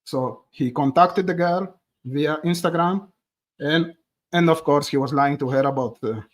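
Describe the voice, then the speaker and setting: A man's voice: a little high, measured pace. Chatty man. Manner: chatty, addresses viewers directly as "guys". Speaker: true crime streamer. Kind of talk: live-stream commentary.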